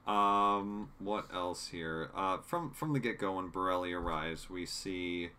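A man with a very deep, low voice co-hosts a relaxed chat. He rambles conversationally and fills gaps with ums while reading through his notes. There is a faint hiss behind him. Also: a little slow. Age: adult parent. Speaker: podcast co-host. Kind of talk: casual chat reviewing a TV episode.

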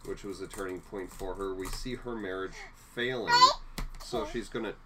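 A woman co-hosting a podcast, chatting casually and recapping episodes with lively asides. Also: very deep voice, moderate pace, heavy background noise. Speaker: podcast co-host. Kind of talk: casual chat.

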